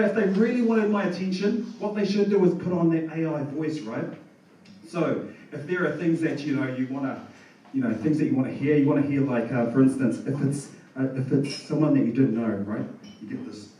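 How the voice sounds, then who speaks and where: Laid-back New stand-up comedian. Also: male voice, on the high side, a little fast, mellow, a little hiss or hum. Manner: laid-back storytelling, chuckles at his own jokes. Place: comedy bar stage. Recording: echoey bar room from far off.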